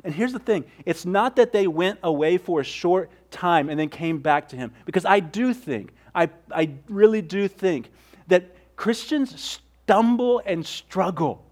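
A man preaching a sermon, earnest, moving between fervent prayerful passages and hushed, soft teaching. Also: high voice, lively intonation, measured pace. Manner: earnest, swings from loud fervor to hushed softness. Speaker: pastor.

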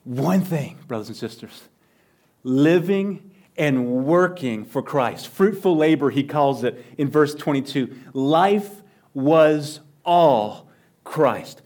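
A male pastor preaching a sermon, swinging from loud emphatic lines to near-whispers and repeating phrases for emphasis. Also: medium pitch, expressive, a little slow.

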